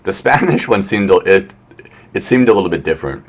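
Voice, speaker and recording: A man's voice: sits low, expressive, brisk, breathy edge. A man hosting a casual live stream from his room, rambling with lots of fillers and a wry tone. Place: apartment in Tokyo.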